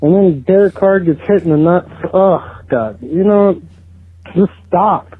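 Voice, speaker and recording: A man's voice: high-pitched, measured pace, breathy edge. A man phoning in to a fan podcast, venting in an exasperated, profane way with frequent groans. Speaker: phone-in caller. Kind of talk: phoned-in fan rant. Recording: tinny phone line.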